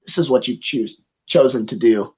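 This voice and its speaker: A bored telepathic stranger, played by the game master, talks flatly and offhandedly in a tabletop game. The recording is dull and lo-fi. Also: medium pitch, normal speed, pitched below the performer's own voice, close to an everyday voice. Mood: deadpan.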